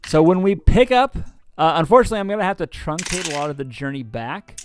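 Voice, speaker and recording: A man narrating as game master of a tabletop game, halting with many ums and restarts. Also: fairly high pitch, expressive, soft background music.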